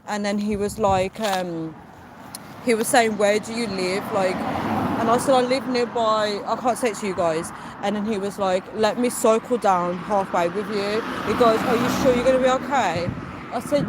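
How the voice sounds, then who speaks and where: A young British woman telling a story live on her phone while walking down a city street at night, retelling a conversation with lots of quoted asides. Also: mid-range voice. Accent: British English. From United Kingdom. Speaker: livestream vlogger. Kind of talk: casual livestream storytelling. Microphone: phone held while walking. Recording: noisy street traffic behind. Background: passing traffic.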